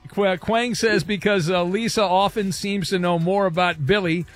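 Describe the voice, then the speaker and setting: Brash high-voiced male radio host. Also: fairly even intonation. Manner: brash, joking, quick asides. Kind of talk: casual radio talk show banter.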